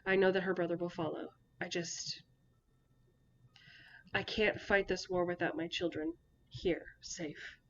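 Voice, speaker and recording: A woman voicing a desperate, grieving father who rules a land at war, speaking hoarsely and pleading. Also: on the low side, flat delivery, measured pace, a bit bright, dull audio, a little hiss or hum. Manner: pleading, near breaking.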